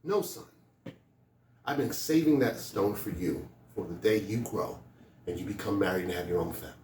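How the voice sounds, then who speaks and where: A man voicing a wise, patient father who calmly gives his son instructions in a told story. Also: low-pitched, normal speed, a little hiss or hum, voice pushed down, natural voice. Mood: earnest. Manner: calm, instructing. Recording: echoey room from a distance.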